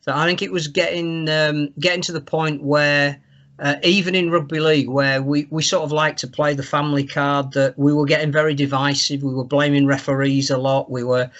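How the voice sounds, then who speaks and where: A man co-hosting a podcast in casual chat, measured and thoughtful. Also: fairly high pitch, flat delivery, fairly bright tone. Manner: measured, thoughtful, some hesitation. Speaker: podcast co-host. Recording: dull, lo-fi remote line.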